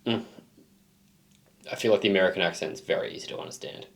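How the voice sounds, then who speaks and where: A man's voice: deep voice, quick pace. A man with an Australian accent co-hosting a music reaction show, chatting casually and teasing his co-host. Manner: teasing, animated storyteller. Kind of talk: casual chat.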